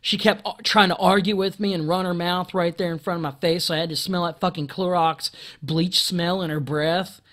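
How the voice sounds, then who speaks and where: A man delivering an angry, profane monologue rant into a camera, stumbling over restarts and often clearing his throat, with loud outbursts. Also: sits high, steady tone, moderate pace. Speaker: video commentator.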